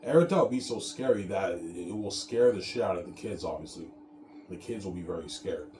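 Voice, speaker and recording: A man's voice: sits low, expressive, moderate pace, mellow, roomy sound. A man hosting his own show in a casual, rambling monologue, repeating himself and tagging his sentences with "man.". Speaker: show host.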